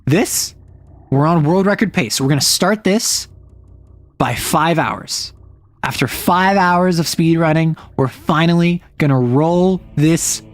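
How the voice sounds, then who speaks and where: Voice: medium pitch, unhurried, no room sound. A young adult livestreamer chatting casually at home, rambling with fillers and self-corrections. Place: home room with roommates nearby.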